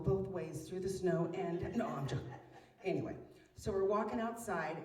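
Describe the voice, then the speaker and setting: A woman in her fifties, a mother, telling a comic story with animated, exaggerated delivery that swings between hushed and loud. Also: on the low side. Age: 50s. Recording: roomy echo, mic far off.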